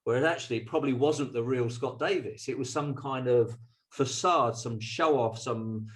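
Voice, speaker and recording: A man co-hosting a podcast, reflecting thoughtfully on a guest's story over a video call. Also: mid-range voice. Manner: thoughtful, analytical, measured. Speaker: podcast co-host. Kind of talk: reflective interview talk.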